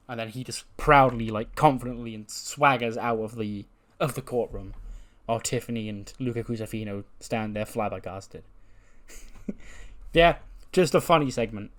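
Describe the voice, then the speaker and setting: Male host recapping his own wrestling storylines, chatty and animated. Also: mid-range voice, moderate pace. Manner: animated, briefly voices characters while recapping. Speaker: wrestling sim game streamer. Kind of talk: casual retelling of a wrestling storyline.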